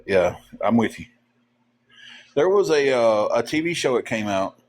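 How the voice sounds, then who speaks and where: A man hosting a livestream, telling stories in a rambling, halting way with lots of fillers. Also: medium pitch, big pitch swings. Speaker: livestream host. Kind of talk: casual storytelling chat.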